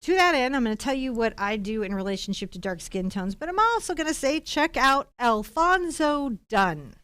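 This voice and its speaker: A middle-aged American woman leads a live-streamed painting lesson in an animated, chatty way. Her voice sits a little high and comes across smooth and clean. The recording is dry and close. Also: normal speed, dry recording. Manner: chatty, animated, warm asides to chat viewers. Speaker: host and painting teacher.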